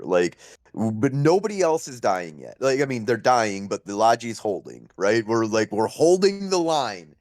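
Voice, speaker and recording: A man hosting a podcast, telling a story in an animated, casual way, full of fillers and laughter. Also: mid-range voice, no room sound. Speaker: podcast host.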